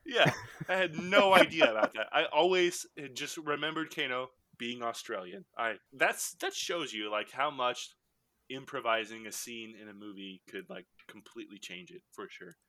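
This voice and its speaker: A man's voice: mid-range voice, moderate pace, no room sound. A man hosting a casual movie-rewatch podcast, chatty and jokey, often laughing as he talks. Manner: animated, laughing, jokey asides. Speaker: podcast host.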